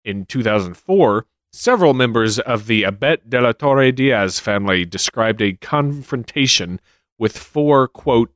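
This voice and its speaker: A man's voice: on the low side, no room sound. A man co-hosting a casual podcast, reading sighting reports with dry joking asides. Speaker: podcast co-host.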